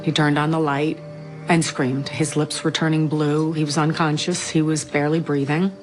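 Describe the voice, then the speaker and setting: A middle-aged woman, a bereaved mother, telling her story in a documentary interview in a halting, grief-stricken way. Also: sits low, flat delivery, soft background music. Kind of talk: documentary interview, personal account.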